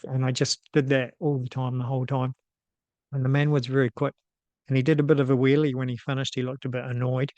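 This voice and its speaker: NZ man in his 50s, host telling a personal story, steady flat delivery, lots of ums, dry close sound. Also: medium pitch, no echo, dull audio. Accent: New Zealand. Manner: casual and unhurried, with frequent ums and restarts.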